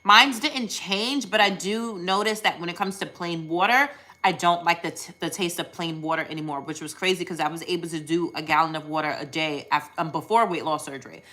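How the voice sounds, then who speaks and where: Bright-voiced chatty woman on a live stream. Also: lowish voice, a little fast. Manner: chatty, upbeat, frequent ums and self-corrections. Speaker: weight loss surgery vlogger hosting a live stream. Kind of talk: casual live-stream chat answering viewers.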